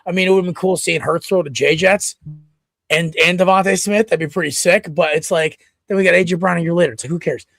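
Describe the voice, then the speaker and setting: Male podcast co-host, high gravelly voice, dry close mic, excitable rambling sports chatter. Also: fast, no room sound. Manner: rambling, excitable, with many restarts. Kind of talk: casual sports chat.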